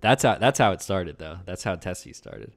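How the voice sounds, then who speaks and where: A young man co-hosting a casual podcast, laid-back and joking, his voice often dropping quiet at the ends of thoughts. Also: sits low, animated, moderate pace, slight background noise. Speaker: podcast co-host.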